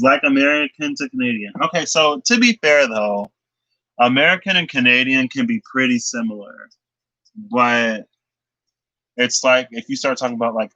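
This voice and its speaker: A man's voice: medium pitch, brisk, bright, forceful tone, no room sound, dull audio. A young man casually chatting on a tarot-reading livestream, rambling with lots of fillers and frequent laughs, speaking into a laptop webcam. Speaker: tarot card reader.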